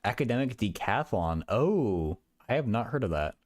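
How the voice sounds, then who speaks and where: Stammering young man with a low, lively voice. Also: normal speed. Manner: stammering, repeats words, chuckles. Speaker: livestreamer studying math. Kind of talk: casual livestream chat.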